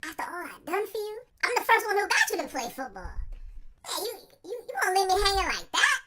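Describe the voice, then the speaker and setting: A man's voice: extremely high pitch, very animated, a little fast, bright, forceful tone, pitched above the performer's own voice, exaggerated voice. A man putting on the voice of a youth football coach who guilt-trips a player, in a whiny, wheedling way. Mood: pleading. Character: pleading, guilt-tripping adult male youth football coach.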